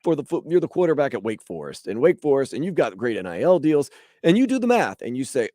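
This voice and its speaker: Lively sports radio host, man. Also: mid-range voice, fast, no room sound, clean studio sound. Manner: animated, acts out quotes in voices. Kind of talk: casual sports talk.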